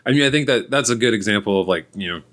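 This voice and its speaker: Low-voiced man, rambling podcast guest. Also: lively intonation, rapid-fire, fairly bright tone. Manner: rambling, hesitant, full of "like". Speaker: co-author guest. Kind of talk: casual podcast chat.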